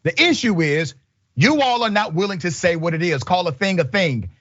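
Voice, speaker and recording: A man's voice: sits high, lively intonation, normal speed, fairly bright tone, lo-fi sound, slight background noise. A man hosting a news commentary show, emphatic and indignant, speaking in short punchy sentences. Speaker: show host.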